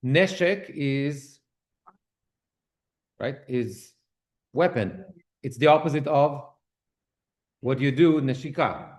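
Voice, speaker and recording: A man's voice: mid-range voice, slow pace, long pauses, darkish tone. A man teaching a synagogue class on prayer, explaining one term at a time in a conversational lecture. He often checks in with "okay?" and restarts phrases as he translates.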